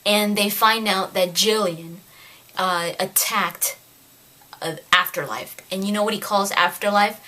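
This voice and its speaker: A woman giving a casual spoken book review, ranting in an exasperated, animated way. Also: mid-range voice, measured pace.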